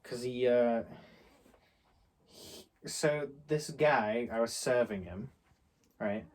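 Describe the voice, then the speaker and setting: A man's voice: medium pitch, slow. A young man from England chatting casually, retelling a shop argument in a rambling way. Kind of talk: casual chat, storytelling.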